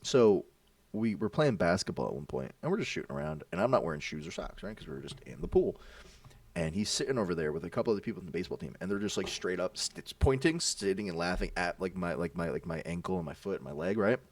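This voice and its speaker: A man's voice: deep voice, fast talker, no echo, distant mic. A young man co-hosting a podcast, telling childhood stories in a casual chat, laughing and acting out the people in them. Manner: animated, laughing, acts out voices in his stories. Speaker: podcast co-host.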